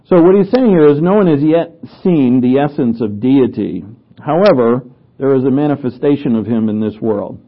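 A man's voice: mid-range voice, fairly quick. A man preaching a conversational Bible lesson, with offhand asides and frequent restarts as he explains scripture. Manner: conversational teaching, with asides and self-corrections. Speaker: pastor teaching a Bible study. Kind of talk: sermon. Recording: tinny phone-like sound.

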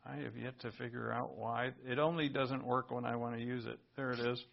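A man preaching a sermon, explaining Greek words at a board in an animated teaching style and repeating phrases for emphasis. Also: medium pitch, fairly quick, creaky, slight background noise. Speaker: pastor. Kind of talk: sermon with Greek word study at a whiteboard. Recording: dull lo-fi recording.

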